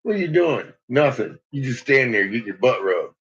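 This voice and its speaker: A man's voice: animated, normal speed. Profane laughing man, lo-fi home vlog. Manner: profane, laughs often, swings between low mutter and loud shouts. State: uses bottled oxygen. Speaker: vlogger. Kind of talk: casual rambling monologue. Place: at home with a dog. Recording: dull lo-fi home recording.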